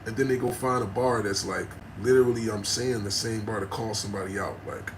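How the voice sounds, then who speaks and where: Guy ranting on his livestream, middle-aged, loud and blunt, cusses a lot. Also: lowish voice, steady tone, brisk, noisy background. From New Jersey. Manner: passionate and aggressive, blunt and profane. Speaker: livestream host talking to viewers. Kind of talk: unscripted livestream rant.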